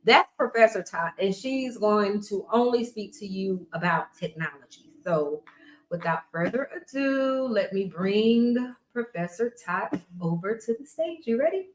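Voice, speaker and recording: A woman podcast coach talking casually to her viewers, chatty and emphatic, with quiet asides. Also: medium pitch, lively intonation, unhurried, echoey room, poor audio. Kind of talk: casual promotional talk to camera.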